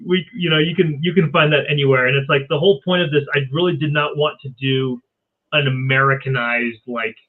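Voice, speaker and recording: A man's voice: on the high side, steady tone, a little fast. A man, a filmmaker guest, chatting earnestly on a podcast call with many fillers. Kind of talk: casual podcast chat. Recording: tinny phone-like call audio.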